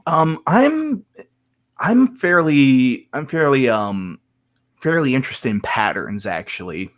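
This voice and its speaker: Hesitant man, middling pitch, halting speech. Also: big pitch swings. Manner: hesitant, restarts often, frequent ums. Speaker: podcast guest, competitor. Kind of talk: casual podcast interview.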